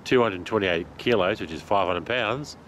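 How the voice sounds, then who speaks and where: A man vlogging outdoors while walking, out of breath, excited and chatty, laughing often. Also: on the low side, normal speed, slight background noise. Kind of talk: casual vlog while walking. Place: outdoors in a park.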